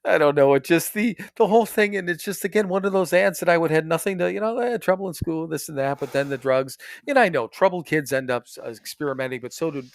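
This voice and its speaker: A man's voice: a little high, fast, hardly any pauses, dry recording. Laughing, swearing male podcast host. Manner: animated storyteller, laughs often, swears freely. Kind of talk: casual chat.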